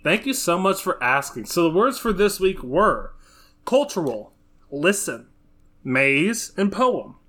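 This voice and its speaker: Male co-host, casual chat, cheerful, lively pitch, a bit high. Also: takes it slowly. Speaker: podcast co-host.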